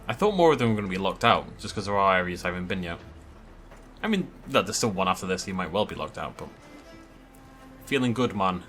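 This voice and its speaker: Lively chatty man gaming. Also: deep voice, fairly quick, pauses often, faint music behind. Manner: chatty, excitable, swears casually. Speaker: let's play host. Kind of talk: casual gameplay commentary.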